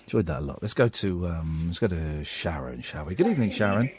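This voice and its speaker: Radio host guy, jokey and teasing, bouncy voice, a bit husky. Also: low voice, big pitch swings, darkish tone, dry recording. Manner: playful, teasing, quick to joke. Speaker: radio talk show host. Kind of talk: late-night phone-in chat. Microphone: studio microphone.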